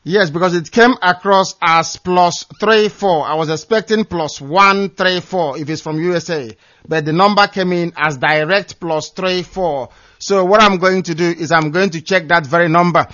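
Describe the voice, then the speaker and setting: Through a dull, dry, lo-fi recording, a man with a high, sharp-toned voice hosts a call-in radio show at a moderate pace. He speaks passionately, leaning on repeated words for emphasis.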